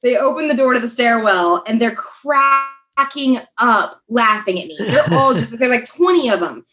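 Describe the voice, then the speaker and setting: A woman's voice: a little high, animated, moderate pace, pushed and bright. A young American woman, a podcast guest, telling a story in casual chat, laughing often and talking with many fillers and restarts. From USA.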